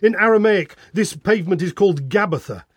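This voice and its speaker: Man, Bible reading narration, expressive, slightly high voice, dry studio sound. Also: brisk, husky, no echo.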